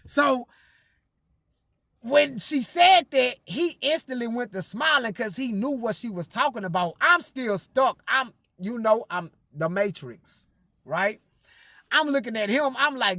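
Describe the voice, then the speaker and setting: A man's voice: high voice, lively intonation, normal speed, sharp tone, dry recording, clean studio sound. A man telling a story in a casual monologue, profane and rambling with lots of fillers and repeated words.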